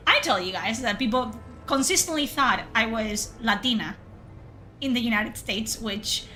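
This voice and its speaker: A woman's voice: fairly high pitch, measured pace, bright, forceful tone, a little hiss or hum. A woman streaming a game, chatting casually and swearing, reading chat aloud. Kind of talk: casual livestream chat while gaming.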